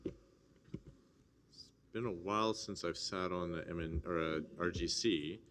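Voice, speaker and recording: A man chairing a formal assembly, speaking in a measured, hesitant way with many fillers. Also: low voice, a bit bright, a little hiss or hum. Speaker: meeting chair.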